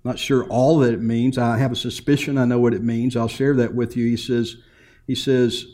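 A middle-aged man delivers a sermon from the pulpit. His voice sits at an ordinary middle pitch. He moves between loud, emphatic declarations and soft, quiet asides, and tells a family story with humor. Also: normal speed. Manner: preaching, shifting from loud emphatic lines to low quiet asides. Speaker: pastor.

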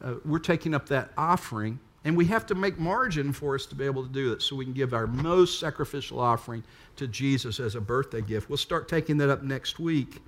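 A man's voice: medium pitch, fairly quick, a bit bright. A man preaching a sermon, full of rhetorical questions to the congregation. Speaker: pastor.

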